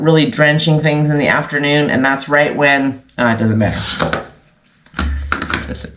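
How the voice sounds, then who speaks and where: A woman hosting a sewing channel chats casually to viewers in a vlog, rambling and often correcting herself, and she sounds congested. Her voice sits low with a fairly bright tone, and the room is echoey.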